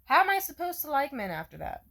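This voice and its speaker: A woman's voice: high-pitched, sing-song, fast talker, vocal fry, pushed and bright. A young woman venting in a casual storytime vlog, frank and profane, rambling with lots of fillers. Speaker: vlogger.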